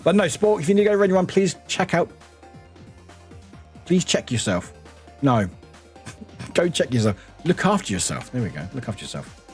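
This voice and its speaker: A man from the UK, streaming and chatting casually, reading chat aloud, lively and swearing freely. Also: a little high, normal speed, long pauses, faint music behind. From United Kingdom.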